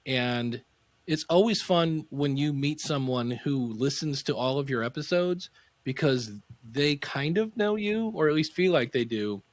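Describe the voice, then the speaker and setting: A middle-aged man, a podcasting teacher, telling anecdotes in a casual interview and acting out quotes with sudden pitch jumps. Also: animated, unhurried, no echo.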